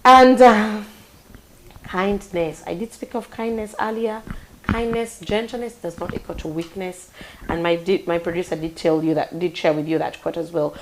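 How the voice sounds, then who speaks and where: Animated Ugandan woman hosting a talk show. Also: slight background noise, low-quality recording. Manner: animated and heartfelt, big swings in pitch and loudness. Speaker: radio and online talk show host. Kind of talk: live talk show monologue.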